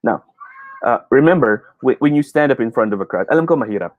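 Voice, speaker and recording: A man's voice: medium pitch, expressive, fast talker, no echo, phone-quality sound. A man with a Filipino accent teaching a live online speech class, encouraging students and reading out their comments. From Philippines. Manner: encouraging, mixes English and Tagalog, reads viewer comments.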